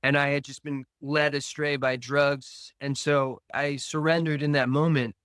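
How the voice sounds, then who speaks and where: Earnest man slowly telling a story. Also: on the high side, level tone, a bit bright, clean tone, no echo. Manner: earnest, slow storytelling with reenacted dialogue. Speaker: podcast guest. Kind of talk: personal recovery story.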